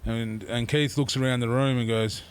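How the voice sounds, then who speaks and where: A young man telling a casual story on a podcast, acting out the people in it with a raised, animated voice. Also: medium pitch, normal speed, clear, resonant tone. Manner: animated, acts out quoted people with a raised voice, laughs often. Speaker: podcast guest.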